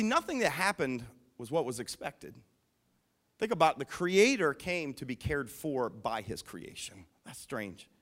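A pastor preaching a sermon, emphatic, asking the listeners questions and swinging between hushed and loud. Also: male voice, on the high side.

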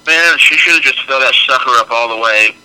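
A man co-hosting a podcast, chatting casually and reasoning things out aloud in a relaxed way. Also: mid-range voice, brisk, clean tone, rough recording. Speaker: podcast co-host. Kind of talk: casual chat.

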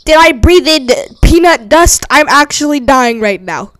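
A woman's voice: high voice, expressive, unhurried, fairly bright tone, a little hiss or hum. A young woman improvising a playful role-play with a friend, giggly and prone to melodramatic shrieks.

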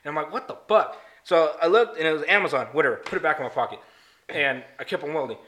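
A man telling crude stories in casual chat, animated and swearing a lot. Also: on the high side, racing. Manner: animated storyteller, swears a lot, says dude.

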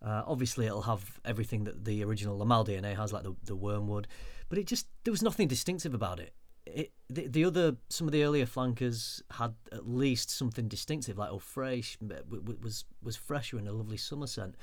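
A man's voice: fairly low pitch, lively intonation, fast, few pauses, no echo. A man co-hosting a podcast, chatting casually and teasing his co-host. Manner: bantering, teasing. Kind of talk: casual chat.

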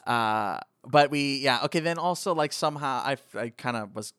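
A man's voice: mid-range voice, normal speed, fairly bright tone, smooth, no room sound, studio quality. A man hosting a podcast, rambling playfully through a movie recap. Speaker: podcast host. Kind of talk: casual movie chat.

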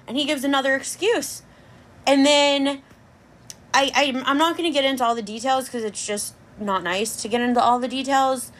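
A young woman hosting a podcast, telling a dating story in an animated, chatty way. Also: on the high side, normal speed. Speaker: podcast host. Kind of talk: casual chat.

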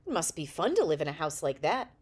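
An eager little boy, read aloud by a woman in a storybook, stubborn and insistent when he wants something. The voice lifts a bit higher than the narration, bright with want. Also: big pitch swings, fast, breathy edge, heavily acted. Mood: curious.

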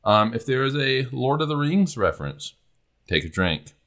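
Bright-voiced man hosting a podcast. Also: medium pitch, big pitch swings, moderate pace. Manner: rambling, many fillers, laughs easily. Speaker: podcast host. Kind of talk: casual astronomy podcast chat.

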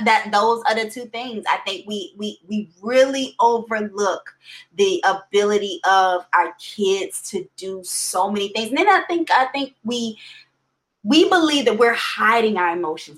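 A woman appears as a coach and guest on a casual podcast. Her voice is fairly high, and she speaks thoughtfully, repeating her words as she works toward her point. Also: a bit bright, low-quality recording.

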